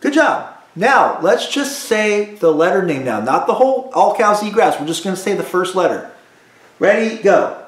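A man's voice: sits high, very animated. A man teaching a beginner cello lesson to children, leading call-and-response drills with patient repetition. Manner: slow, patient, repeats drills for kids. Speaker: school music teacher. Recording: echoey room.

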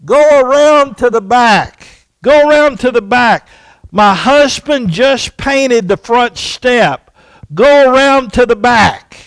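A male preacher voicing a neighbor woman who yells orders out her window during a sermon story. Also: very high-pitched, slow, clean tone, no room sound, pitched above the performer's own voice, full character voice, low-quality recording. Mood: shouting. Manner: shouting commands.

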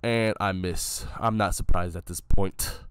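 A man's voice: sits low, fairly even intonation, a little slow, a bit bright, clean tone, dry recording, clean studio sound. A young man giving casual, joking play-by-play commentary over his own game footage, hyping a friend and mocking himself.

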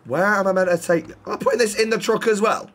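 A man chats through a game stream in a raised, slightly high voice. He swears freely and throws teasing banter at the other players. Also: fast, a bit bright. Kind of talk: casual game-stream chat.

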